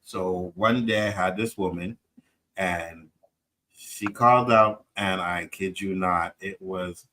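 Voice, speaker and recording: A man's voice: sits low, a little slow, pushed and bright, low-quality recording. A man co-hosting a casual panel chat, telling a personal story and often checking in with "right?". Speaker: podcast co-host.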